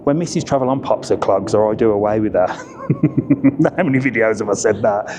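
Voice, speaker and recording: A middle-aged travel vlogger holds his camera in an indoor ice tunnel, chatting, joking and teasing while slightly out of breath. His voice is lowish at a normal pace, and a crowd of visitors chatters in the background.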